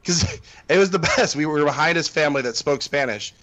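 A man's voice: fairly high pitch, brisk, pushed and bright. A man co-hosting a casual podcast chat, rambling with lots of fillers and restarts. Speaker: podcast co-host.

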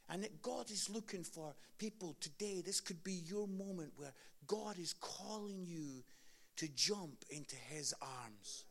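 A Scottish man gives a sermon in a gravelly, creaky voice. He swings from loud, laughing storytelling to hushed, earnest appeals to faith. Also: high-pitched. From Scotland. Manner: tells funny stories with loud laughing peaks, then drops to quiet earnest appeals. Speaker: preacher.

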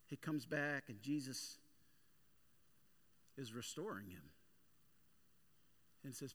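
A male pastor preaching a sermon with energetic, animated storytelling. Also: medium pitch, takes it slowly, pauses often.

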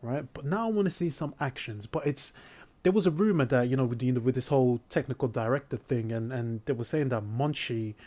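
A man's voice: medium pitch, fairly quick, dark tone. A man, co-hosting a casual football chat, blunt and opinionated with some swearing. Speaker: podcast co-host.

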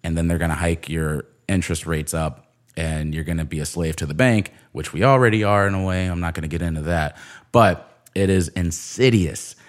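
Low-voiced man ranting sarcastically. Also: normal speed. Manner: sarcastic, profane, animated storytelling. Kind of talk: casual ranting monologue.

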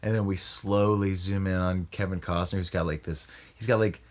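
A man riffing crudely and at length, pitching an absurd movie idea to his co-host in casual comedic talk. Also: normal speed. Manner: animated, crude, rambling storyteller.

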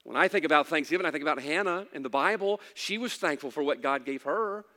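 A middle-aged man preaching a sermon in a church, his voice sitting a little high for a man. He swings between emphatic preaching and relaxed, folksy storytelling. A long reverb trails behind his words. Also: fast talker. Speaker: pastor.

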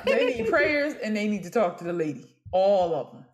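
A woman's voice: medium pitch, wildly swooping pitch, moderate pace, a crowd in the background. A young adult woman co-hosting a casual gossip podcast, talking in a blunt, opinionated and slangy way. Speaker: podcast co-host.

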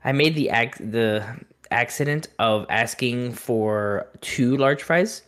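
An easygoing man chatting on a podcast with a voice of ordinary pitch. He stumbles and repeats words as he gets his sentences going. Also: takes it slowly, fairly bright tone. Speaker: podcast co-host. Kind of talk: casual chat.

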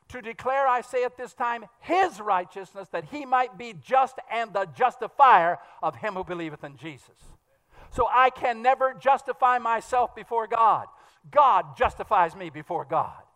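A man preaching a sermon in a fast, fervent style, pressing his points with bursts of emphasis. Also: extremely high pitch, fairly bright tone. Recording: long hall reverb.

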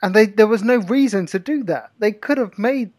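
A man's voice: high-pitched, moderate pace, darkish tone, no room sound. Laid-back man with dry sarcasm. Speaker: podcast co-host. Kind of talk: casual film review chat.

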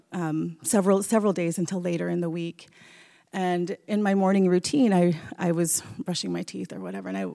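A woman's voice: on the low side, gravelly. Woman storyteller in a reverberant hall. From rural Alaska. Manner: warm, conversational, with small restarts. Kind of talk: personal storytelling on stage.

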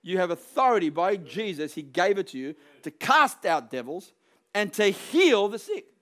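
High-voiced man preaching emphatically. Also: big pitch swings, normal speed. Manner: emphatic, rising to forceful peaks, acts out quoted voices. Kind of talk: sermon.

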